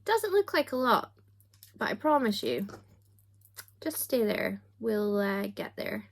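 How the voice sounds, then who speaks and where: A young woman chats to her camera while doing her makeup. She keeps up a relaxed, self-deprecating patter, full of quick asides and jokes at her own expense. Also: mid-range voice. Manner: chatty and self-mocking, with little asides. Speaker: book vlogger.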